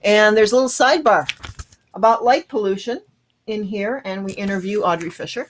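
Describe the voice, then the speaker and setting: A woman's voice: mid-range voice, fairly quick, a little hiss or hum. A woman co-hosting a radio talk show, casually plugging events and articles. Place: radio studio.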